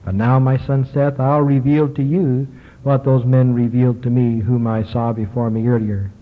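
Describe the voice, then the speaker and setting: A man reading the words of Adam, the first man, in a solemn, slow voice. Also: mid-range voice, flat delivery, natural voice. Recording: tinny lo-fi recording, long hall reverb.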